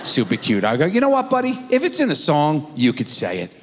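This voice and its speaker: Animated man doing stand-up in a hall. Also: a little fast, slight background noise. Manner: animated, acts out his kids in high squeaky voices. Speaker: stand-up comedian. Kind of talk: stand-up comedy storytelling. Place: theater stage before a live audience. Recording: stage mic in a large reverberant hall.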